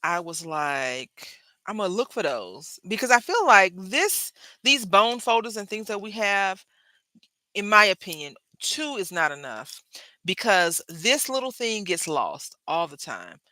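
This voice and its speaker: A woman's voice: mid-range voice, big pitch swings, measured pace, bright, forceful tone, no echo. A woman hosting her crafting channel, chatting casually to viewers while she works at her craft desk. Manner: chatty, talks straight to viewers and chat, laughs often.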